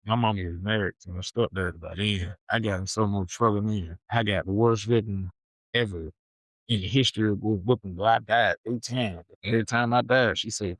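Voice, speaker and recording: Animated man telling a story. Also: fairly low pitch, moderate pace, dry recording, low-quality recording. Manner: animated, slangy, repeats himself. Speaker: podcast host. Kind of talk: casual storytelling.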